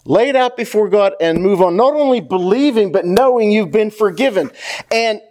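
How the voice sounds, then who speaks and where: A man's voice: high-pitched, animated, normal speed, darkish tone. A pastor preaching a sermon to his congregation, speaking earnestly and directly to the church and repeating key phrases for emphasis.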